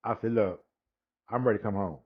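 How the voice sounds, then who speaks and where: Man in his sixties, personal testimony, unhurried storytelling, repeats and restarts, dull lo-fi recording. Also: lowish voice, slightly rough. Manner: unhurried storytelling, acts out quoted dialogue, frequent restarts. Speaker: guest sharing his testimony.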